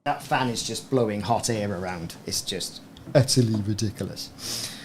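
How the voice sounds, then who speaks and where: A man's voice: on the low side, moderate pace. A gaming streamer chatting casually and rambling in a self-deprecating way while talking into his desk microphone in a small home room. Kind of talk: casual live stream chat. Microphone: desk podcast microphone. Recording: faint room fan noise.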